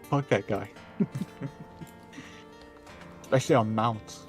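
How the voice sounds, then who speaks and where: A man's voice: lowish voice, slow, soft background music. Joking, swearing Scottish man streaming. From Scotland. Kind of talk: casual gaming chat.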